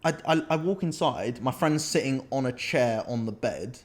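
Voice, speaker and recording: Young british guy on a podcast, mid pitch, telling crazy stories and laughing a lot. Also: moderate pace. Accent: British English. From Britain. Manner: animated anecdote-telling, laughs often. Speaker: podcast co-host. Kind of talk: casual storytelling chat.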